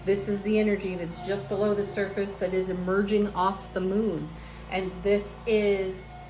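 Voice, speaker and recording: Soft-spoken woman giving a tarot reading. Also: mid-range voice, low-quality recording. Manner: gentle, soft-spoken, with frequent light laughs. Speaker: tarot reader. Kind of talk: casual spiritual tarot reading. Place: home, with landscaping crew outside.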